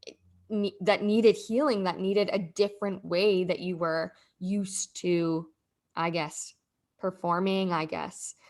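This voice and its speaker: A woman hosting a podcast, responding to her guest and then explaining astrology in a casual, searching way. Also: on the low side. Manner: warm listening, explains astrology with "um" and "I guess". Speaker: podcast host. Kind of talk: casual conversation.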